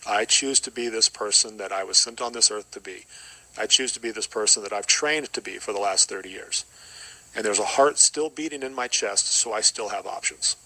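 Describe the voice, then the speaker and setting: A man's voice: on the low side, bright, forceful tone, no echo, poor audio. A middle-aged man giving an earnest, reflective personal testimony as a podcast guest, often repeating short phrases.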